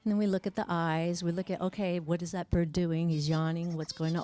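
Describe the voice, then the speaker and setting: Animated woman speech therapist teaching parents. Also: fairly low pitch, brisk, no room sound, soft background music. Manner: animated, exclaiming while narrating a video for kids. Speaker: speech-language pathologist. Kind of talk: parent education class presentation.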